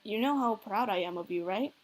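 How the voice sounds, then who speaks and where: A woman's voice: mid-range voice, animated, brisk, lightly acted. A woman voicing a goofy, teasing middle-aged single father from a visual novel. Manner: joking, corny dad teasing.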